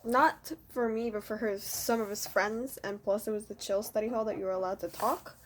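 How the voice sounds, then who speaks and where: A woman's voice: medium pitch, fairly even intonation, normal speed, a little hiss or hum. A teenage girl casually telling a story about school. She rambles, fills her talk with "like" and "you know", and makes fun of herself. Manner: rambling, full of "like" and "you know", self-mocking. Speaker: student vlogger.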